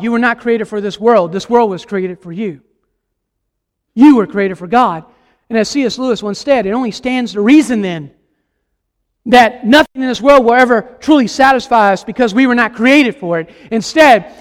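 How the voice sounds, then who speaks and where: A man's voice: very high-pitched, in a large hall. A man preaching a sermon as a guest preacher, emphatic and impassioned, putting questions to the congregation. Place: church sanctuary.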